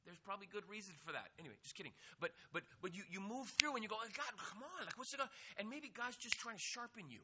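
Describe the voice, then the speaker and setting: A man preaching an energetic youth sermon, acting out quotes and joking with the listeners. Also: sits high, quick pace, hardly any pauses, very noisy. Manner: animated, acts out quotes, jokes with the audience. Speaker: youth pastor.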